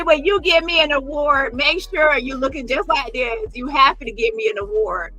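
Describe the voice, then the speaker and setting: High bright sassy woman commentator. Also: moderate pace, hardly any pauses, no echo, faint music behind, rough recording. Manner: sassy, profane, mocking impressions. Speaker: commentary vlogger. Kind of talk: casual commentary on photos.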